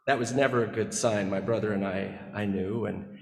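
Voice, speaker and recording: Chatty storytelling preacher in an echoey hall. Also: male voice, lowish voice, steady tone, moderate pace, vocal fry. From Midwest. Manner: conversational, chatty, with frequent restarts. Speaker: guest preacher. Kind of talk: storytelling sermon. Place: church sanctuary.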